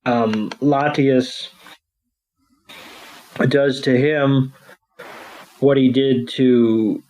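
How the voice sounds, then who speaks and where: A man hosting a podcast, casually recapping a cartoon episode with crude jokes and quick voices for the characters. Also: medium pitch, fairly even intonation, a little mellow, rough recording. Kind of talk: casual chat.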